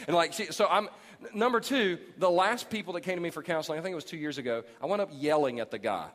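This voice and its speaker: Animated pastor preaching in a big hall. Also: male voice, fairly high pitch, fast talker. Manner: animated, jokey, acting out quoted people. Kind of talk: sermon. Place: large church auditorium. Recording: long hall reverb.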